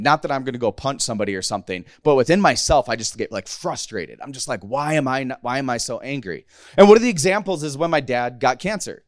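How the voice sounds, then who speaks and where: A man's voice: mid-range voice, no room sound, clean studio sound. Candid emotional man in his thirties preaching. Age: 30s. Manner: emotional, candid, rambling with restarts. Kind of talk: casual sermon.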